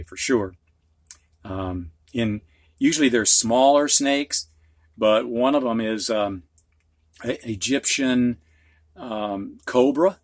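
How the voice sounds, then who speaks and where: A man's voice: medium pitch, dry recording, clean studio sound. A man with a Midwestern accent teaching a phonics lesson, patiently explaining words with examples and asides. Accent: Midwestern American. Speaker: reading teacher.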